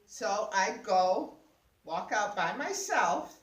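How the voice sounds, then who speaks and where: An older woman telling a lively personal story, laughing often and acting out what people said. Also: mid-range voice, takes it slowly. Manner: laughing, exclaiming, acts out voices. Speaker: guest sharing a personal story. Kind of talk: animated storytelling. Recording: roomy sound, mic at a distance.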